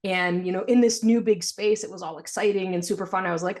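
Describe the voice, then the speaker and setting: A woman, a podcast guest, telling her story in a frank, animated way and laughing through hard memories. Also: medium pitch, quick pace, few pauses. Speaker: podcast guest, financial planner. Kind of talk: candid storytelling interview.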